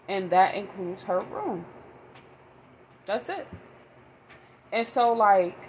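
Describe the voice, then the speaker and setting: Rambling mom vlogger, emphatic. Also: female voice, medium pitch, slight background noise, poor audio. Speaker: mother vlogger. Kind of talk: casual monologue.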